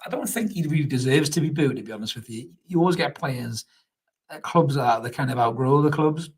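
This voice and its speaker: A man's voice: mid-range voice, breathy edge. A young man hosts a live football reaction stream, chatting casually, laughing often and reading out viewer comments. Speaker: fan channel host.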